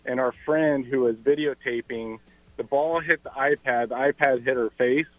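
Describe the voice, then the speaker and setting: A man calling into a radio show, telling a story in a plain, steady way. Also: mid-range voice, moderate pace, no room sound. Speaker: caller. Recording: tinny phone line.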